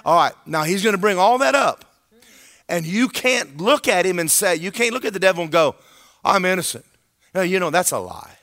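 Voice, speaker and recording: A male preacher delivering a sermon in an emphatic, conversational manner. His voice is bright and slightly high, with a lively, swinging pitch. He often checks in with his listeners. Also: brisk.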